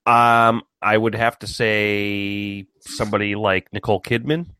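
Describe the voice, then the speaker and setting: A man's voice: on the low side, fairly even intonation, measured pace, pushed and bright, clear, resonant tone, dry recording. A man co-hosting a casual chat, hesitant and searching for words. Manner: hesitant, lots of ums and uhs. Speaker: podcast co-host. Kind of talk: casual chat about movies.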